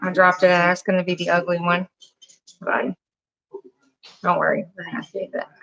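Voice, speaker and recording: A woman's voice: fairly low pitch, monotone, normal speed, creaky, fairly bright tone, lo-fi sound. Chatty woman hosting a kitchen live stream. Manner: chatty and rambling, breaks off to talk to pets and family. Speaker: host of live cooking stream. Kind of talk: casual live-stream cooking chat. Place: home kitchen.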